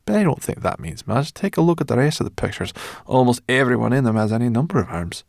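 A man's voice: mid-range voice, sing-song, fast, vocal fry, a little mellow, no room sound, clean studio sound, pitched above the performer's own voice. A man voicing a small, proud brownie girl in a storybook reading. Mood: pert.

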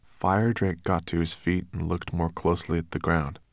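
Low-voiced man reading a storybook. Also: normal speed, vocal fry, dry recording, clean studio sound. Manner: expressive storytelling. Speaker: narrator. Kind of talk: audiobook narration.

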